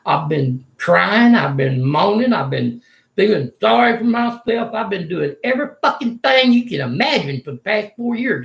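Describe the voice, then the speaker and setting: A man's voice: high voice, big pitch swings, moderate pace, creaky, a bit bright, echoey room. An older man, ranting angrily and profanely in a rambling vlog monologue from a room in a retirement home. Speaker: vlogger.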